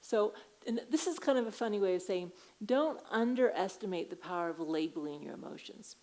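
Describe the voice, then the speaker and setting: A woman's voice: medium pitch, expressive, a little fast, rough recording. A middle-aged woman speaking at a conference, teaching a mindfulness practice in a conversational way and laughing now and then as she tells stories. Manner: warm, conversational, laughs while telling stories. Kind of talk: conference talk with personal story. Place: conference hall.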